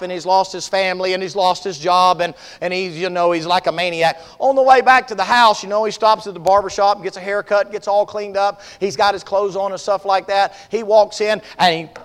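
A man preacher telling a story as a sermon, vivid and swinging from loud to hushed. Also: sits high, fairly even intonation, moderate pace, clear, resonant tone. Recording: long reverb of a large hall.

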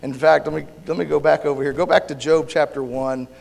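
A male pastor with a gravelly, hoarse voice preaches a sermon and prays, halting and restarting as he searches for words. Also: a little high, steady tone, a little mellow. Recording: long hall reverb.

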